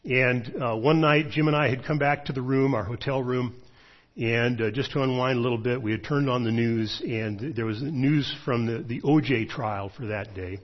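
A middle-aged man, a pastor, preaching a sermon in a measured storytelling way, pausing often with fillers. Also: medium pitch. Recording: dull lo-fi sermon recording.

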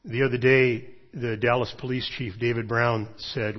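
A middle-aged man, a pastor, preaching a sermon in a measured storytelling way, pausing often with fillers. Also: medium pitch, flat delivery. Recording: dull lo-fi sermon recording.

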